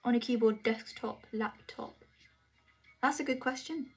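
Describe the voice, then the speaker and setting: A woman's voice: on the high side, steady tone, unhurried, faint music behind. A teenage girl from England chatting casually on a livestream as she reads and answers comments, often restarting her sentences. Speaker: livestream host. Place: home room.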